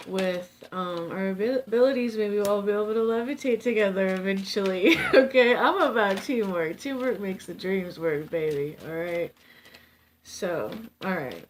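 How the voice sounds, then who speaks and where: Tired, slow, rambling woman tarot reader, casual and swearing, faint background noise. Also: medium pitch. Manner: rambling and chatty, many fillers and self-interrupting laughs. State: tired without coffee. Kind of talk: casual chat to camera.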